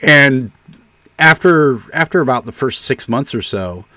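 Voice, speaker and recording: A man's voice: mid-range voice, lively intonation, a little slow, bright, forceful tone, dry recording. Chatty man on a dry close mic. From US South. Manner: chatty, puts on playful accents. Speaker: streamer host. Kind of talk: casual chat.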